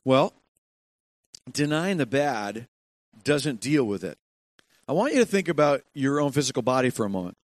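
An older man preaching a sermon, telling family stories with soft laughs and swinging between hushed and emphatic delivery. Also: mid-range voice, very animated, normal speed, long pauses, no echo, studio quality. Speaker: pastor.

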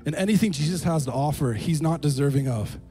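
A man preaching a sermon to a congregation in a casual, conversational tone. His voice sits fairly high and sounds mellow and warm, with frequent "you know" fillers and light chuckles. Soft music plays faintly behind him. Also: fast. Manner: chuckles between points. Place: room with a gathered congregation.

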